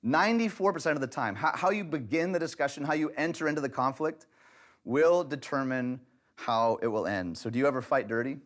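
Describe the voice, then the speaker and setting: A man's voice: mid-range voice, a little fast, a bit bright. Man teaching a church relationship class. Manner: direct, lightly humorous, conversational teaching.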